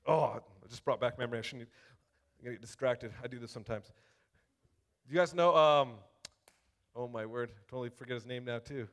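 A man preaching a sermon, reading scripture aloud and talking to the congregation in a casual, animated way. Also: medium pitch, fairly quick, long pauses. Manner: animated, conversational, addresses congregation directly; reads scripture aloud with rising emphasis.

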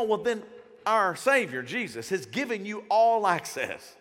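A man's voice: sits high, moderate pace, big-room sound. A man preaching a conversational sermon as pastor, telling stories and acting out the voices of people in them. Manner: animated storyteller, acts out quoted voices. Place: church sanctuary.

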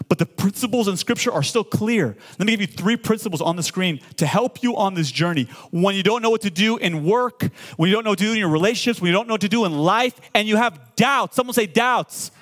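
A man in his forties preaching a sermon, animated and full of call-and-response, often stammering and repeating words when excited. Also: sits high, fairly quick. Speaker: pastor.

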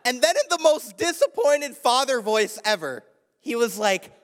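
Young male pastor, high voice, animated storyteller, church reverb. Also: moderate pace. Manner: animated, chatty storytelling with frequent laughs. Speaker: preacher. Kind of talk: sermon with personal story. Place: church sanctuary.

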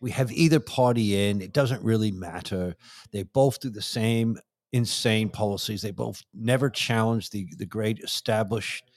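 A man's voice: lowish voice, normal speed, no room sound. A man co-hosting a live podcast, rambling and making cheeky jokes. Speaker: podcast co-host. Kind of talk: casual live podcast banter. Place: small side room at a political event.

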